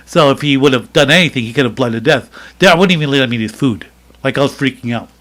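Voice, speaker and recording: A middle-aged man, a podcast co-host, telling a story in casual chat, animated and rambling with lots of fillers and restarts. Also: mid-range voice, quick pace.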